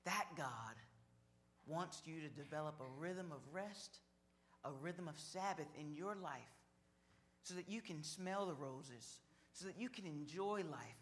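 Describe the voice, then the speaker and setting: A man preaching a sermon, slow and measured, building on repeated phrases. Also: a little high, animated, fairly bright tone, a little hiss or hum. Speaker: pastor.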